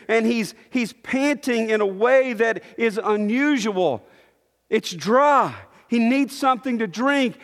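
A man preaching a sermon, earnest and teaching, often restarting his phrases. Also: very high-pitched. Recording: long hall reverb.

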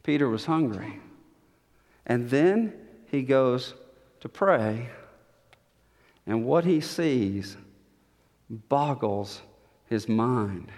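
A man preaching a sermon with dramatic pauses and emphatic repetition, in a church sanctuary. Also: medium pitch, expressive, a little mellow, long reverb tail. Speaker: pastor.

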